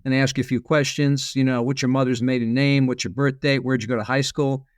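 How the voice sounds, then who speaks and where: A man's voice: medium pitch, flat delivery, fast, no room sound, studio quality. A man as a podcast guest, explaining at length with frequent restarts. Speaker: guest, former FBI agent. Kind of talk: casual podcast interview.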